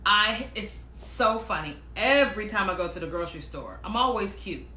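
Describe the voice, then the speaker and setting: In a casual storytelling monologue, a woman with a mid-range voice shares personal stories, recorded with noticeable reverb. She is animated, laughs often, and is quick to act out the voices of people she quotes.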